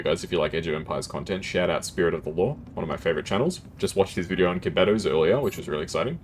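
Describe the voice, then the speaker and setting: Deep-voiced guy streaming a game, chatty and animated, talks over keyboard clicks. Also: a little hiss or hum. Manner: chatty, laughs often, fillers like "like". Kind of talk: casual gameplay commentary.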